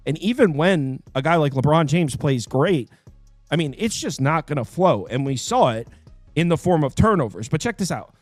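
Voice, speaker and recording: Fast-talking man giving sports betting picks. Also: a little high. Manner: animated, quick, with fillers and self-interrupting asides. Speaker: sports betting show host. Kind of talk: casual sports picks talk.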